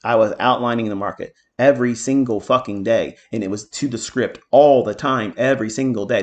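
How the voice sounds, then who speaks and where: A middle-aged man talks through his market commentary at a mid-range pitch. He is blunt and profane, and he drifts into boastful, heated asides. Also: fairly quick, few pauses, lo-fi sound. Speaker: trading mentor.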